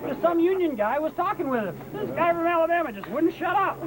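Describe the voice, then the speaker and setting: A man guiding an outdoor battlefield tour, telling history as a lively story and acting out what people said. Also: very high voice, fast talker, few pauses, crowd noise. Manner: lively storyteller, acts out quotes. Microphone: hand-held camera. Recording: outdoor camcorder recording with noise.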